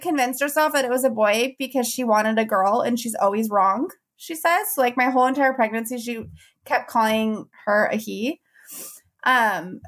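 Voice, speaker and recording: A young woman chatting into a podcast mic with a slightly high voice. She tells a story casually, animated and laughing often, acting out what everyone said. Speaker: podcast host telling her birth story.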